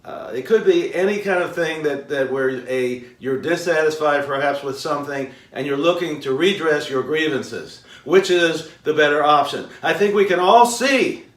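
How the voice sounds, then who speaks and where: A man delivering a motivational lecture, his voice sitting a little high for a man. He leans on rhetorical questions and long, weighty pauses. The room is echoey and the mic is set well back from him. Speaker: self-help video host. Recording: roomy echo, mic far off.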